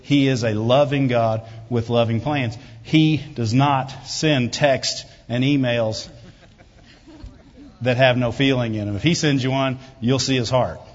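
A pastor preaching a sermon in a conversational way, often asking "Right?" and rising loud and high for emphasis before dropping low and quiet. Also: male voice, steady tone, measured pace. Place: church hall. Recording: dull reverberant hall recording.

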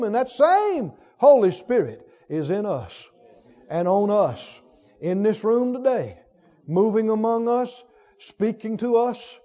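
Fervent high-voiced preacher in a reverberant hall. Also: male voice. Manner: fervent, emphatic, swings from loud to hushed. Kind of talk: sermon. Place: church sanctuary. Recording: lo-fi recording with long hall reverb.

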